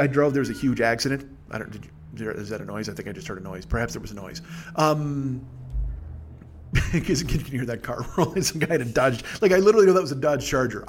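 A man's voice: medium pitch, breathy edge. A man hosting a podcast, telling a rambling, profane comic story and laughing as he goes. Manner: profane, digressive, laughs through his stories. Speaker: podcast host.

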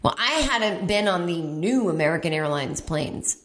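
A woman comedian and podcast host telling a comedic story, animated and acting out voices with big jumps in pitch. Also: moderate pace, roomy sound. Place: home in Brooklyn.

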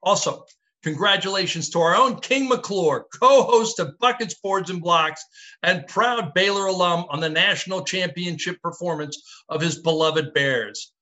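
A man's voice: high-pitched, measured pace, sharp tone. A male podcast host giving an upbeat, wry sign-off and credits. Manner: upbeat, wry closing remarks. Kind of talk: show sign-off.

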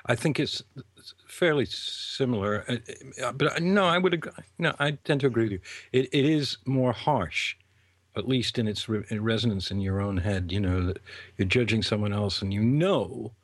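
A man in casual conversation who speaks thoughtfully and haltingly, often restarting his sentences. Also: medium pitch, dry recording.

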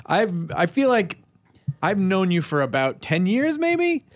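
A man's voice: high-pitched, unhurried, no echo. A man hosting a podcast, chatting casually with a guest, laughing and swearing as he talks. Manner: laughs often, lively swearing banter. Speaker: podcast host. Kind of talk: casual chat.

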